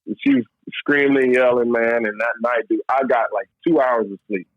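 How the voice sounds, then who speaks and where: An ex-pro baseball player from Louisville, Kentucky, talks briskly at a medium pitch during an easygoing interview about his past. Animated and prone to restarts, he repeatedly drops "man." The recording sounds dull, dry, and lo-fi.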